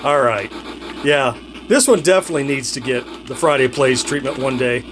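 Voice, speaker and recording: A man's voice: medium pitch, moderate pace, fairly bright tone, slight background noise. A middle-aged man giving casual commentary while he plays retro games, chatty and laughing often, thinking aloud as he goes. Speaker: retro gaming video host.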